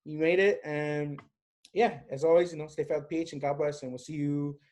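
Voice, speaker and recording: A man in his twenties hosting a podcast, upbeat and casual, rattling off shout-outs and sign-offs. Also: on the high side, fairly even intonation, brisk. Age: 20s. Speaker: podcast host.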